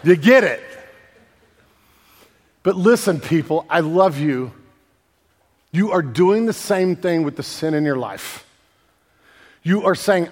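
A pastor preaching with a high, bright-pitched voice, swinging from a soft hush to loud, mocking asides. He keeps it casual and animated, using slang and acting out voices. His words ring out with a long reverb through a church hall. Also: takes it slowly, pauses often. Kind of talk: sermon.

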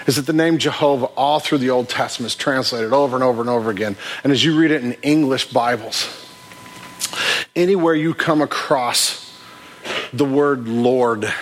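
A man preaching a sermon in a conversational way, often restarting his phrases. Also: medium pitch. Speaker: pastor.

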